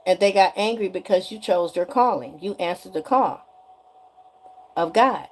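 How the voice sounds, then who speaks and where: A woman's voice: fairly low pitch, normal speed, darkish tone. A woman giving a spiritual energy reading straight to the viewer in a sassy, chatty way, often asking "okay?". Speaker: tarot energy reader.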